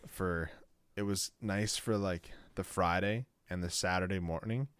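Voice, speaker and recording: Low-voiced rambling man. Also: steady tone, a little slow, a bit bright, clean tone, no echo. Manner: rambling, full of "like" and restarts. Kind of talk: casual chat.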